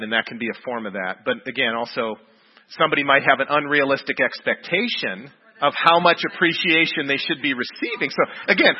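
A man's voice: mid-range voice, husky. A man leading an interactive church group workshop, repeating answers back and joking lightly with the group. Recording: dull recording in a reverberant hall.

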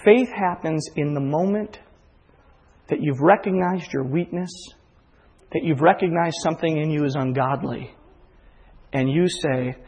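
A man's voice: on the high side, unhurried, long pauses, darkish tone, slightly rough, in a large hall, muffled recording. A male pastor preaching a sermon in a church, earnest and confessional, often acting out inner voices. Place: church sanctuary.

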